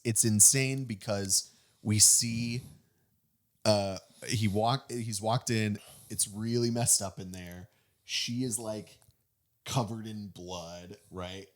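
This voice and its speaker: A man hosting a casual movie review chat, excitedly recapping a plot with lots of fillers and restarts. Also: fairly low pitch. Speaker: movie review podcast host.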